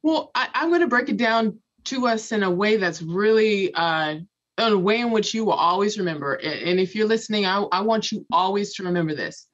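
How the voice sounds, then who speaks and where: A woman's voice: mid-range voice, expressive, brisk. Earnest woman from Los Angeles, muffled. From Los Angeles, United States. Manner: earnest, emphatic, repeats key phrases. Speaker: guest, author and former math professor. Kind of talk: motivational talk.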